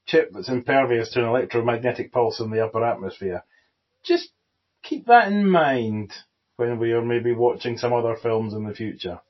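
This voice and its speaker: Man, casual film chat, slightly husky voice, dull muffled recording. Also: medium pitch, animated, moderate pace. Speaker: podcast co-host.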